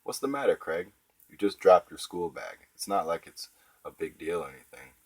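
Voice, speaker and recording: Smug scheming schoolboy voiced by a man, lecturing, husky low tone, storybook. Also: big pitch swings, normal speed, a little mellow, no room sound, heavily acted, low-quality recording. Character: scheming schoolboy politician, cowardly sidekick.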